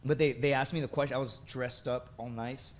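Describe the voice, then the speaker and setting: A man in his thirties, a podcast guest, telling animated personal stories in a casual way, often tagging on "dude" and "right?". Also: medium pitch, a little fast. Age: 30s. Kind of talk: casual storytelling.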